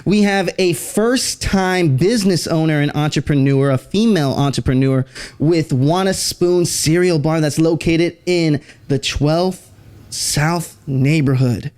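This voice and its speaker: A man's voice: a little high, measured pace, darkish tone, clean tone. Upbeat male podcast host. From San Antonio, Texas. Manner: upbeat, friendly hype intros. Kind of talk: casual interview hosting.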